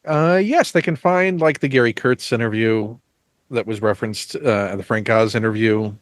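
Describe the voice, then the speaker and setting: A man's voice: on the low side, moderate pace, no echo, studio quality. A man hosting an interview, talking in a chatty, teasing way. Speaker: host. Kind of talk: casual interview.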